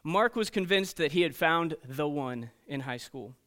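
A man preaching to teenagers as a youth pastor, telling stories in an animated way and checking in often with "okay?" and "right?". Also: fairly high pitch, normal speed. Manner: storytelling, animated, frequent "okay?" and "right?" asides. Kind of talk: sermon to teenagers.

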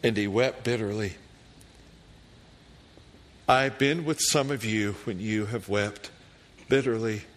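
A middle-aged man preaching a sermon as a pastor, reading scripture prayers with rising fervor and telling a personal story. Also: on the low side. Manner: slow, deliberate preaching that rises to fervent loud prayer readings.

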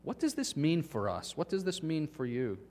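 Animated man preaching in a reverberant church. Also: a little high, normal speed. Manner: animated storytelling, addressing children and congregation. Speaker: pastor. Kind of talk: sermon.

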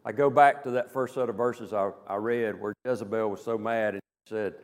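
A man's voice: fairly low pitch, fairly even intonation, normal speed, hardly any pauses. A male pastor preaching a Wednesday night sermon, speaking conversationally with rhetorical questions and frequent checks of "okay?". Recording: long hall reverb.

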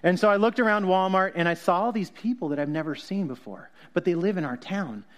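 Male pastor, high-pitched voice, casual sermon, playful asides and quick self-corrections. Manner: jokey, self-correcting, laughs often. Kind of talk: conversational sermon.

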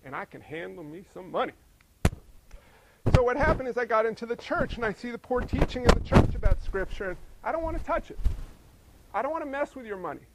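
A male pastor preaching a sermon, full of rhetorical questions and swinging between emphatic and hushed delivery. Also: very high voice, animated, a little fast, very noisy.

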